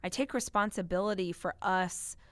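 A woman's voice: mid-range voice, normal speed, fairly bright tone, dry recording. A woman in her thirties hosting a solo podcast, talking candidly and emphatically straight to her listeners. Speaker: podcast host and business owner.

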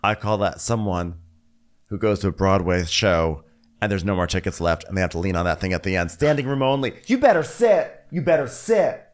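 Male comic putting on a tipsy, bossy woman, smug and repetitive, low-key and slurry. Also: very animated, a little fast. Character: drunk bossy woman barking orders.

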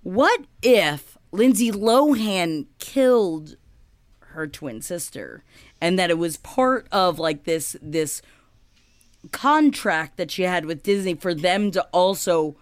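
Animated, foul-mouthed woman podcast host. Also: lowish voice, slow, no room sound. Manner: swearing, animated, jokey. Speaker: podcast co-host presenting the list. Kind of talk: casual comedic podcast chat.

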